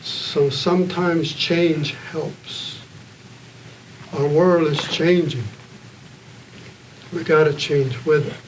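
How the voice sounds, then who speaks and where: A man addresses a gathered audience in an earnest, plain-spoken way, pausing often between thoughts. His voice sits a little high for a man. The mic is set well away from him, with a soft hum of room noise underneath. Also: fairly even intonation, distant mic, poor audio. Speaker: panel speaker at a community evening. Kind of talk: heartfelt public storytelling.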